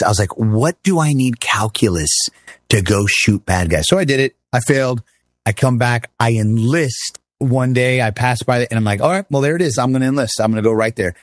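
A middle-aged man telling his army stories as an interview guest, animated, acting out the voices he quotes and laughing often. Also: mid-range voice, dry recording, studio quality. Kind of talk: casual storytelling interview.

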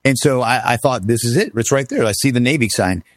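A man's voice: mid-range voice, animated, brisk, dry recording, studio quality. A man in his fifties, a former army officer as guest, telling stories casually and acting out quoted voices with big swings in his voice. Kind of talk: casual storytelling in a conversation.

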